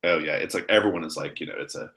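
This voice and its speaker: A man's voice: low voice, rapid-fire, creaky, bright, forceful tone. A man narrating as game master in a casual tabletop role-play, talking loosely with many fillers.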